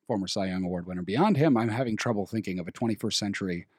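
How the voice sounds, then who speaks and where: A young man talks in a relaxed, rambling way, pausing now and then to dig up a name he can't quite recall. His voice sits on the low side. The studio sound is dry and close. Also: no room sound. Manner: rambling, trails off to search for names. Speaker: podcast host. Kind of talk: casual chat. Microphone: studio microphone.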